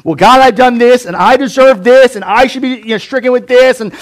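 A man's voice: very high-pitched, brisk, voice pushed up. A preacher voicing Cain as a remorseful man who pleads and piles up self-blame. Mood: groveling. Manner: pleading, piling up complaints breathlessly.

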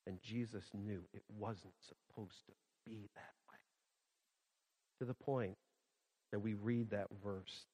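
A male pastor preaching a sermon, swinging from loud emphasis to hushed quiet and repeating phrases for emphasis. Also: medium pitch, measured pace. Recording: long hall reverb.

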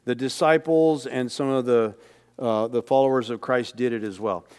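A male preacher delivers a sermon in church, middle-pitched and easygoing. He slips in little jokes and poses rhetorical questions to the congregation, then answers them himself. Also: fairly even intonation, moderate pace, a little mellow, clear, resonant tone. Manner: conversational, joking asides and rhetorical questions.

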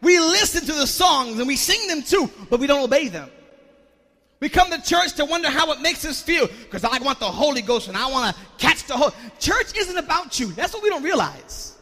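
Male pastor with a very high voice, preaching with shouted calls to the congregation in a reverberant church. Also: very animated, brisk. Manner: call-and-response preaching, repeats words, rising to shouts. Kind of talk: sermon. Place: church sanctuary.

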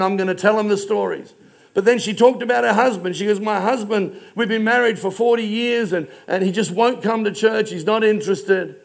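A middle-aged male pastor preaching a sermon in a church, telling stories emphatically and slowing down on key phrases. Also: high-pitched, vocal fry.

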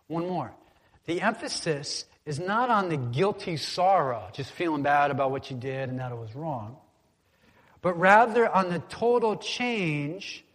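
Man preaching casually in a reverberant hall. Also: on the high side. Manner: casual, conversational preaching with call-and-response prompts. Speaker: pastor. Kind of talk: sermon.

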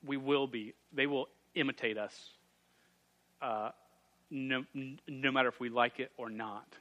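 A man's voice: mid-range voice, steady tone, measured pace, pushed and bright, dull audio. A man, a youth pastor preaching to students and parents in a jokey, self-deprecating storytelling way. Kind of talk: sermon to a youth group and parents. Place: church youth room.

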